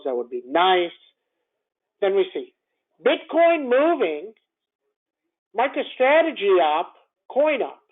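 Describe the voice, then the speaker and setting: A man runs through a morning market call in a blunt, animated way, looping back on phrases and firing off rhetorical questions. His voice swings up and down in pitch. The sound is thin and phone-like. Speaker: stock trading commentator. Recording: tinny phone-line sound.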